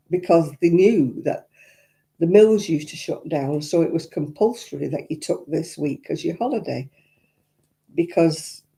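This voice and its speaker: Gravelly older Lancashire woman chatting. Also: low-pitched, warm tone. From Royton, North West England. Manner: chatty, rambling, frequent chuckles. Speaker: crafting livestream host. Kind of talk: casual chat reading viewer comments.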